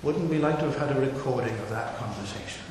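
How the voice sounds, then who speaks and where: Preacher in an echoey hall. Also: male voice, mid-range voice, fast talker, a little mellow, slight background noise. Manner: expository Bible preaching, rhetorical questions, rising emphasis on key words. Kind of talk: sermon.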